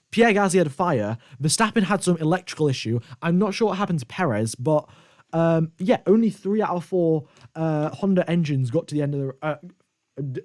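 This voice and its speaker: A man with a slightly high voice hosts a live race stream. He rambles in a casual, conversational way as he reacts to the results and chats with viewers. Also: darkish tone.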